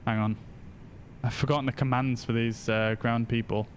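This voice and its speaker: A man giving casual commentary while streaming a flight simulator, switching to slow, flat voice commands now and then. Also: medium pitch, a little hiss or hum. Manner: slow, flat voice commands between chatty asides.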